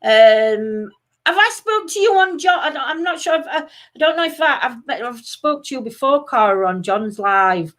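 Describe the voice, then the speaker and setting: A woman's voice: high voice, animated, normal speed, a bit bright. A woman from Sheffield with a South Yorkshire accent, co-hosting a casual live-stream chat and reading out viewer comments. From Sheffield, England. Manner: giggly, bursts into laughter often; chatty, reads out viewer comments. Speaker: talk show co-host.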